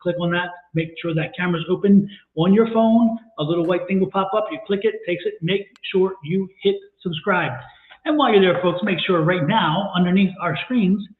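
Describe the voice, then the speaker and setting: A fairly high-voiced man gives tarot readings on a live stream, coaxing and exclaiming as he repeats his points. His voice comes through a thin, phone-like line from an echoey room. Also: normal speed. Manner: energetic, exclamatory, coaxing and repetitive. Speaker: tarot reader and co-host.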